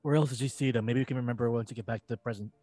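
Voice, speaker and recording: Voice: medium pitch, fairly even intonation, racing, mellow, no room sound, faint music behind. A player in a tabletop game, asking dry, probing questions. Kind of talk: casual tabletop play.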